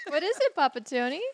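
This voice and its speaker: A woman co-hosting a podcast, telling a story casually, animated and laughing as she acts out what others said. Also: high-pitched. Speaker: podcast co-host.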